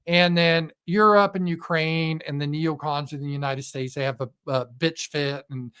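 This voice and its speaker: A man's voice: a little high, fairly even intonation, moderate pace, few pauses, a bit bright, clear, resonant tone. Blunt, sarcastic man talking politics. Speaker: political commentator. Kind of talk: casual political commentary monologue.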